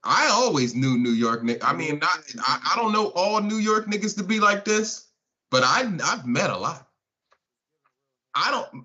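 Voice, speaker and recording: A man's voice: fairly high pitch, expressive, a little slow, pushed and bright. A man hosting a live stream, talking casually and mocking his chat with laughs. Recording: dull lo-fi stream audio.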